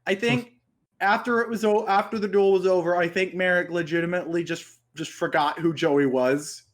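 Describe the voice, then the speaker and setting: A man's voice: sits high, fairly even intonation, moderate pace. A man co-hosting a casual review podcast, rambling and correcting himself as he jokes. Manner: rambling, self-correcting, jokey. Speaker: podcast co-host. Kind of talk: casual chat.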